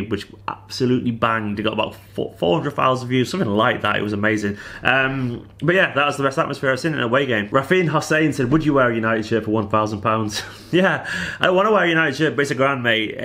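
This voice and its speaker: A man in his thirties with a Manchester accent, chatting casually as he answers viewers' questions on his football fan vlog, animated and bantering. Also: medium pitch. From Manchester, England.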